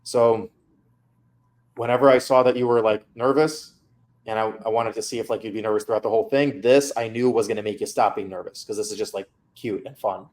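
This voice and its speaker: A man's voice: fairly low pitch, steady tone, fairly quick, darkish tone. A man coaching a student through feedback on her mock interview, candid and casual.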